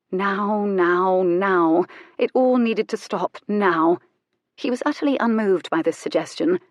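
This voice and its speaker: A woman narrating an audiobook in an intimate, measured storytelling manner. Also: lowish voice, dry recording, clean studio sound. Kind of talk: scripted narration.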